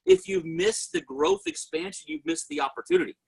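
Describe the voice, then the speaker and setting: Speaking directly to his listeners, a man in network marketing gives a high-energy sales testimony meant to motivate. His voice is very high and gravelly, his pace brisk, and the audio is poor.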